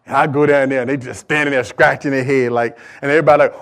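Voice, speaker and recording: A man preaching a sermon as pastor, swinging between loud, fervent stretches and hushed ones, asking the congregation questions and repeating words for emphasis. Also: medium pitch, fairly even intonation, quick pace. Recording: audio recording of a live sermon.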